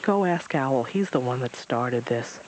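A high, shrill storybook rabbit who frets and bosses everyone about. He is male, excitable and quick to stammer, voiced by a man reading aloud. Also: a little hiss or hum, close to an everyday voice, low-quality recording. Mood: irritable. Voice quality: shrill, stuttering when scared.

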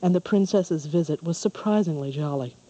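A storyteller giving a measured, calm scripted narration of a fairy tale. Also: medium pitch, muffled recording.

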